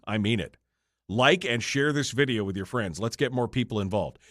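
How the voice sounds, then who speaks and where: A man's voice: mid-range voice, expressive, moderate pace, a bit bright, no echo, studio quality. A male radio talk show host chatting off the cuff with his online audience during a break, rambling and joking at his own expense, tired and yawning. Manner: rambling, self-deprecating, joking with chat. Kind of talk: off-the-cuff livestream chat.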